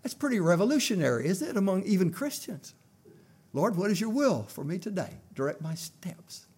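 Older guy preaching, husky voice sitting a bit high, folksy storytelling that swells up loud. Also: big pitch swings, normal speed. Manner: folksy storytelling, rising to loud emphatic prayer. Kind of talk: sermon with a personal story.

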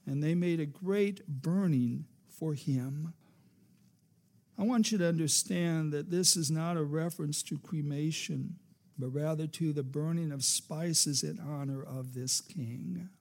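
Gravelly high-voiced preacher, slow delivery. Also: male voice, darkish tone. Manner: preacherly, rising and falling for emphasis, calls for amen. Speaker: pastor. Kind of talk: sermon.

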